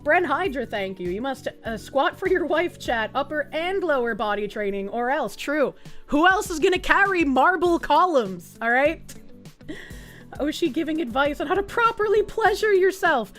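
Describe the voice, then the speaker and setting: With faint music behind her, a young woman streams and banters crudely and casually with her chat, reading donations and laughing often. Her animated voice jumps up loud and high, though she speaks at a normal speed.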